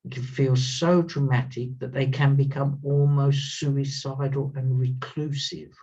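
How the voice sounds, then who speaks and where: A man's voice: medium pitch, flat delivery, unhurried, dark tone. A man giving an earnest spiritual talk as a teacher, stressing points by repeating words. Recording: slightly distant, dull lo-fi sound.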